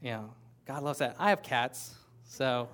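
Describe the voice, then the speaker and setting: A man's voice: mid-range voice, expressive, measured pace, fairly bright tone. A man preaching a sermon as pastor, talking conversationally with playful asides to the congregation. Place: church sanctuary with a congregation.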